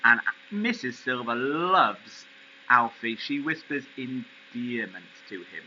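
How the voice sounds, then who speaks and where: A man's voice: mid-range voice, expressive, takes it slowly, bright, forceful tone, muffled recording, slight background noise. A man teaching, reading a story aloud expressively and explaining words along the way.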